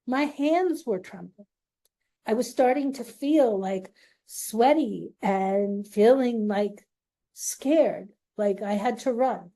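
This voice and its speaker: A middle-aged woman hosting her own show, slowly and earnestly telling a personal story in a confiding way. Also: on the high side, warm tone. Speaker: host.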